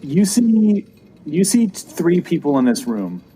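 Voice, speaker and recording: Mellow-voiced male dungeon master. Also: sing-song, measured pace, a little hiss or hum, poor audio. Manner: describes scenes with fillers, drops to a low voice for villains. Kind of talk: narrating a tabletop game.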